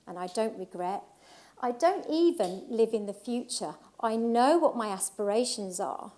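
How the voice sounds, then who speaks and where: A woman's voice: on the high side, darkish tone. A middle-aged woman from England giving an emotional, heartfelt personal talk at a live event, speaking emphatically with repetition.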